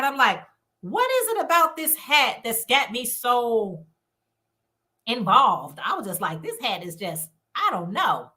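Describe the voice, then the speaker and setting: Chatty bright-voiced woman hosting a livestream. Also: fairly high pitch. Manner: chatty and encouraging, reads chat comments aloud. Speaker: livestream host. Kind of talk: casual live-stream chat with viewers.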